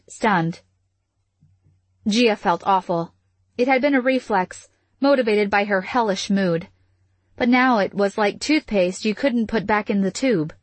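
A woman narrating a novel in a measured, even storytelling manner. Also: medium pitch, no echo. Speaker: audiobook narrator. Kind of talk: scripted fiction narration.

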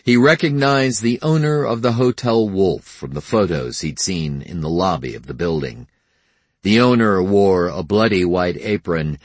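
Deep, husky male audiobook narrator. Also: dry recording. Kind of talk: scripted narration.

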